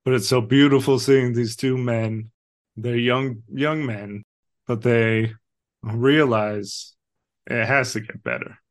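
A man's voice: mid-range voice, steady tone, takes it slowly. A man co-hosting a casual film discussion, earnest and emotional, swearing casually now and then. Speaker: podcast co-host.

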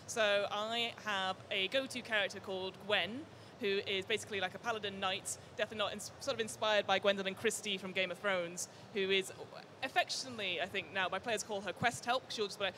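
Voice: mid-range voice, fairly even intonation, fairly quick, few pauses, bright, forceful tone, a little hiss or hum. A game master on a live panel giving friendly advice about running games for new players. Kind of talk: casual panel chat.

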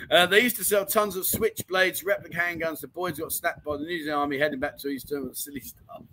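A man hosts a casual livestream, chatting his way through viewers' comments. His voice is bright and sits a little high, and he rambles and laughs easily. A faint background noise runs under the recording. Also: fairly even intonation, a little fast, poor audio. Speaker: livestream chat show host.

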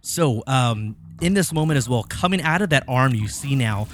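A man's voice: medium pitch, expressive, moderate pace. A man running a tabletop game as game master, narrating gory scenes in a casual, laid-back way with the odd swear. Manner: casual, laughing, swears freely.

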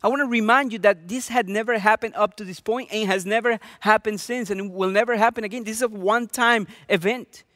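Male pastor, high voice, dry close recording, earnest sermon delivery. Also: steady tone, brisk, few pauses, sharp tone, no echo. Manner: earnest, with many rhetorical questions.

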